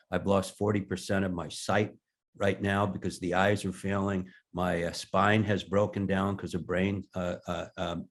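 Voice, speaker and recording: A man in his sixties, a guest in an interview, telling candid stories with blunt language and self-deprecating humor. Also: deep voice. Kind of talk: candid conversational storytelling.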